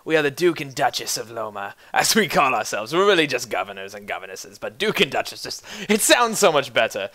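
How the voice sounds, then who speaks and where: A man's voice: mid-range voice, very animated, a little fast, hardly any pauses, pushed and bright. A man playing a pompous prissy old duke. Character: pompous elderly village duke, fancy and prissy.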